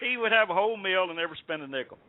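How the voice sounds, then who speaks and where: Speaking in a high, animated, rapid-fire voice, this Southern-accented radio host rambles through stories full of fillers in a casual chat. His dry, echo-free audio has a thin, phone-quality sound.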